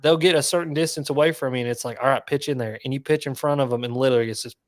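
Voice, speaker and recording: A man on a podcast as a guest angler, chatting casually and excitedly, full of "like" fillers. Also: mid-range voice, rapid-fire, dry recording.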